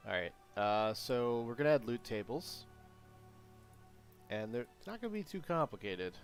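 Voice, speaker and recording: A man live-streaming his game programming, chatting casually and talking to himself, with sudden excited outbursts. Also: medium pitch, moderate pace, faint music behind. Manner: rambling, self-talk with sudden excited outbursts. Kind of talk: casual live-stream chat while coding.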